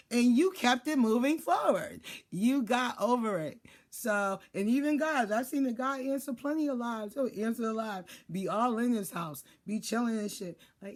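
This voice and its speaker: A woman giving casual life advice in a blunt, profane monologue, acting out what people say. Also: on the high side. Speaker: life and spiritual advisor.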